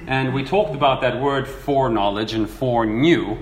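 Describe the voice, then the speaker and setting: A man preaching a sermon, telling a parable and reading verses in an animated, storytelling way, acting out the quoted voices. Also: mid-range voice, moderate pace. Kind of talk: sermon teaching. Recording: echoey room with faint ambience.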